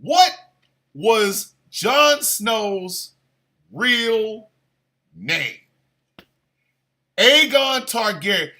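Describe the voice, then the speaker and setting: A man hosting a show, delivering a crude comedic rant with exaggerated, animated bursts of shouting. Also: sits high, very slow, pauses often. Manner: crude, playful. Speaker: show host.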